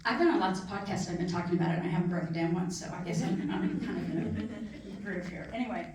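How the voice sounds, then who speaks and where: A woman's voice: lowish voice, fast talker, darkish tone, a little hiss or hum. Earnest author woman in echoey hall. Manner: chatty, earnest, gets emotional. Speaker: author discussing her book. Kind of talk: casual book talk. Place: library event room. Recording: echoey room from far off.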